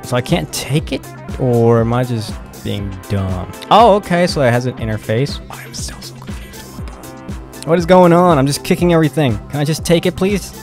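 A young man casually commenting while playing a game, flustered and excitable, often exclaiming and swearing. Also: medium pitch, fairly quick, faint music behind. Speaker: gaming video host.

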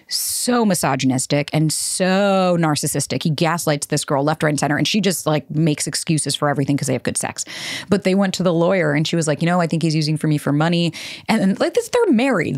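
A woman's voice: lowish voice, no echo, clean studio sound. A woman, hosting a solo podcast and talking candidly, with frequent swearing and rambling asides. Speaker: podcast host.

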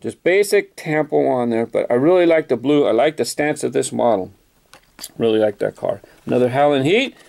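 Gravelly-voiced man chatting about collectibles. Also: medium pitch, lively intonation, moderate pace, a little mellow. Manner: chatty, self-correcting, enthusiastic about details. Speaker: toy car collector vlogger. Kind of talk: casual unboxing commentary.

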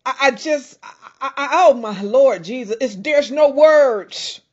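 A woman preaching a fervent sermon into a handheld microphone, breaking into praise and stumbling for words. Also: high voice. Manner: fervent, praising, halting at times. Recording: slightly dull lo-fi sound.

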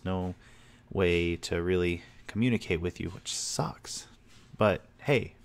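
A young man recording a casual personal video message at home, talking in a loose, sincere, rambling way. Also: low voice. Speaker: vlogger. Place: home office room.

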